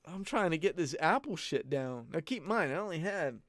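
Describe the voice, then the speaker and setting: A man with a somewhat high voice and a dry, close sound, chatting casually as he answers viewers' questions. He rambles, swears freely and gives blunt opinions. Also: expressive, fairly quick, fairly bright tone, no echo. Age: adult parent. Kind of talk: casual live-stream Q&A chat.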